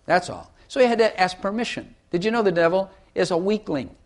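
A man's voice: sits high, animated, brisk. Emphatic man teaching the Bible. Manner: emphatic, repeats phrases for effect; plays with vocal inflection to make points. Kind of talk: casual Bible teaching chat.

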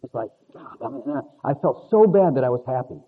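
A man's voice: medium pitch, sing-song, a little fast, slightly rough. A man preaching a conversational sermon in a rambling, confessional way with chuckling asides. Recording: narrow phone-like lo-fi sound.

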